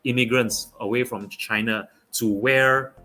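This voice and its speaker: A young man from Malaysia, talking football as a guest on a casual online show, pausing often with fillers and restarts. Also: medium pitch, fairly even intonation, pushed and bright. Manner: halting, many fillers and restarts. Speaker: guest pundit.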